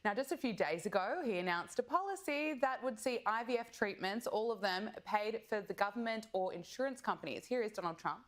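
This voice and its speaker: A woman hosts a commentary program, her delivery scripted and smoothly paced as she sets up each clip. Her tone carries a dry, sardonic bite, and her voice sits in an ordinary middle register. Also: medium pitch, lively intonation, fairly quick, hardly any pauses. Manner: sardonic, leads into clips. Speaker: show host.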